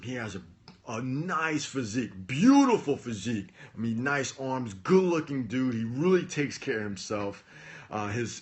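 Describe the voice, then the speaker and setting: A man and former Marine officer telling a personal story in a casual, chatty vlog style. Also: medium pitch. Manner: chatty, with frequent fillers and restarts. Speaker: motivational vlogger.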